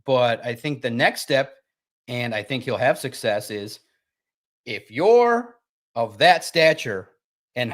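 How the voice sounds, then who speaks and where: Animated man talking football. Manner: animated, emphatic, jumps into sharp high pitch for emphasis. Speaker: sports show co-host. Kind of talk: casual sports talk.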